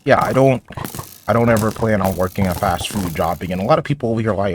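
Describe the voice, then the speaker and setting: Deep-voiced rambling teen gamer. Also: male voice, expressive, fast, a little hiss or hum. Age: teens. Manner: rambling, stumbling, sarcastic asides. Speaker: gaming YouTuber. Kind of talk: casual commentary over gameplay.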